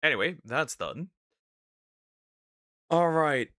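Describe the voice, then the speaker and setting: A man's voice: a little high, expressive, slow pace, pushed and bright, dry recording, studio quality. A young man reacting to videos in casual live commentary, laughing often and repeating himself.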